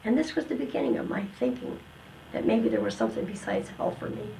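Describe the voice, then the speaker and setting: An older woman telling her personal testimony in an earnest, emotional way, with slow dramatic pauses. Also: medium pitch, wildly swooping pitch, creaky, mellow, a little hiss or hum, rough recording. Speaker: testimony guest.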